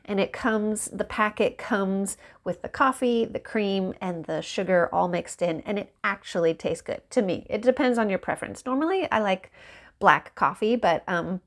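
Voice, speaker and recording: A woman's voice: mid-range voice, normal speed. A woman in a casual chat at home by a window, talking in a rambling, chatty way and laughing often. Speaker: book vlogger.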